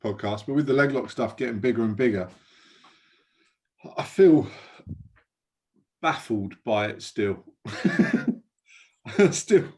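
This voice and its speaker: Male co-host, mid-pitched voice, halting, laughs a lot, video call. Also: animated, a little mellow. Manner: halting questions, laughs often. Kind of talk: casual interview chat.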